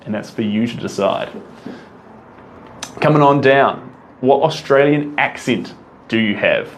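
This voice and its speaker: A man's voice: fairly low pitch, animated, normal speed, slight background noise. A man with a New Zealand accent, an artist answering viewer questions in a casual live Q&A, reading questions out and replying off the cuff.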